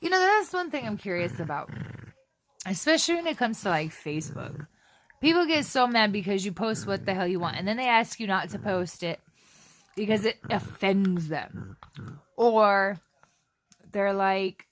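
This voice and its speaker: A woman's voice: medium pitch, animated, measured pace, a bit bright, slight background noise. A young woman vlogging casually at home, blunt and sarcastic as she rants. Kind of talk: casual chat.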